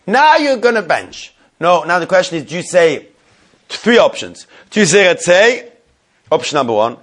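A man's voice: sits high, sing-song, moderate pace, fairly bright tone. A man teaching a religious law class to a live group, repeating key points and putting questions to his listeners.

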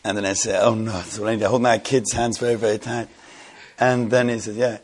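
A man's voice: on the low side, steady tone, normal speed, slightly rough. A man from the London area telling a rambling, amused anecdote to friends. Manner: rambling, amused, often breaking into laughter. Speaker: storyteller. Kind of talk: casual anecdote told to friends.

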